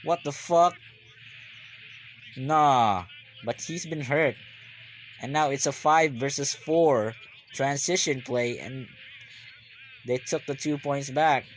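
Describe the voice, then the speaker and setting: A man giving live basketball reaction commentary, rambling and repeating himself, then bursting into excited yells. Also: medium pitch, slow pace, long pauses, slight background noise.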